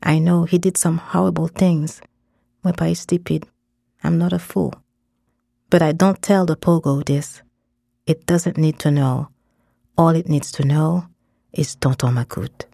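A woman reading a first-person story aloud in a measured way, dropping in short phrases in another language. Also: low-pitched, steady tone, vocal fry, mellow, no room sound, studio quality. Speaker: narrator. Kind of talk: scripted story narration.

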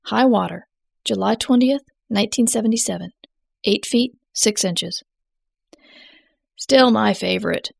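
A woman reading the part of an eccentric older man who summons floods, talking in a gruff, smug and scolding way. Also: medium pitch, measured pace, pauses often, no room sound, exaggerated voice. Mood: proud.

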